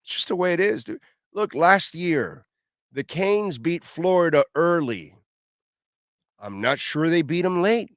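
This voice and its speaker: A man's voice: on the high side, animated, a little slow, no echo, studio quality. A middle-aged man hosting a sports talk radio show, ranting bluntly and lecturing listeners.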